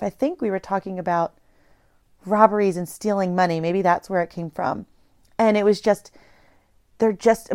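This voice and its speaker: A woman's voice: medium pitch, smooth, no room sound, clean studio sound. A woman in her thirties hosting a solo podcast, talking things through in a reflective, meandering way with frequent restarts. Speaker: podcast host. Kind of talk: casual solo podcast monologue.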